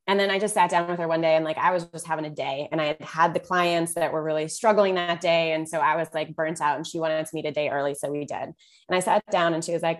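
A woman nutrition coach, a guest on a podcast, telling stories in a casual chat and turning animated when she quotes herself. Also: fairly low pitch.

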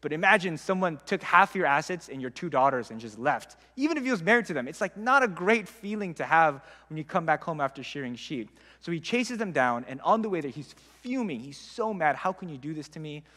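A man's voice: fairly high pitch, big pitch swings, a little fast, few pauses, sharp tone. A young man giving a casual, conversational Bible talk with frequent "like" fillers. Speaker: Bible teacher. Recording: long hall reverb.

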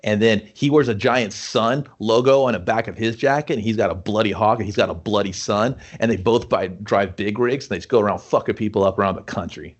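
A man rambling through a profane, joking story in casual chat, with a husky voice. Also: lowish voice, brisk, few pauses.

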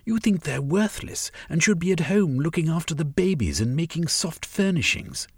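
Proud woman group leader, sharp-tongued, sarcastic, raised voice, man doing her. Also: on the high side, very animated, normal speed, husky, dry recording, studio quality, pitched above the performer's own voice, exaggerated voice. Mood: accusing. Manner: combative and sarcastic.

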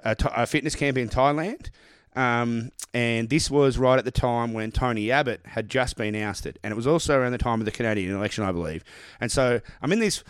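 A man's voice: medium pitch, smooth, no room sound, studio quality. A man with an Australian accent, co-hosting a podcast and telling a sweary anecdote in casual chat. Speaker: podcast co-host.

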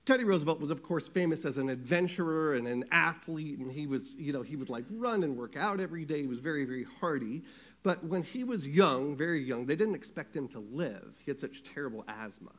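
A man preaching a sermon, asking his congregation questions and swinging between loud emphasis and hushed, quiet passages. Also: a little high. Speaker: pastor.

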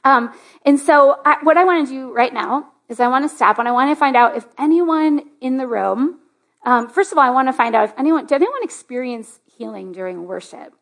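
A woman pastor giving a sermon in a church, telling a personal story in a chatty way with lots of "like", often rising into excitement. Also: on the high side, gravelly. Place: church sanctuary.

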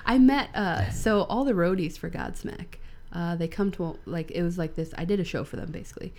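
A woman's voice: on the low side, brisk, dark tone. Laughing woman telling road stories. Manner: laughing storyteller, quotes people in acted voices; rides motorcycles. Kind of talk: casual chat.

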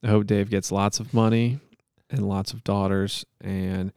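Gravelly low-voiced man hosting a podcast. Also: flat delivery, measured pace, a little mellow, dry recording, clean studio sound. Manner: joking, mock-solemn praying. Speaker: podcast host. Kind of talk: casual podcast chat.

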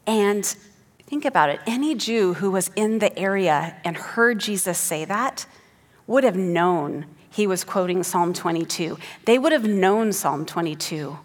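A woman's voice: medium pitch, lively intonation, unhurried, in a large hall. A woman giving an earnest sermon who teaches the passage and reads scripture aloud with rising emphasis. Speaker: preacher.

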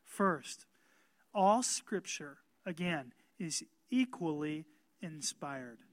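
A man preaching a sermon as pastor, emphatic and calling out amens to the congregation, growing louder and more animated. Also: on the high side, extremely slow, no echo.

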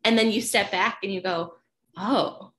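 A woman's voice: medium pitch, steady tone, fairly quick, a bit bright. A woman co-hosting a casual discussion of a cartoon series, reflective and often checking for agreement. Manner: reflective, asks agreement with "right?". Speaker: podcast co-host.

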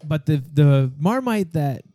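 A man's voice: a little high, lively intonation, a little slow, dark tone, no room sound. A man hosting a casual podcast chat, rambling with plenty of fillers and restarts. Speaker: podcast host.

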